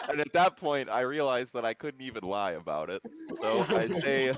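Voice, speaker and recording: Slow, swooping man on a dull mic. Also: huge pitch swings, a bit bright, slight background noise. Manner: laughs a lot, swears, swoops in pitch. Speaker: player. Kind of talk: casual tabletop chat.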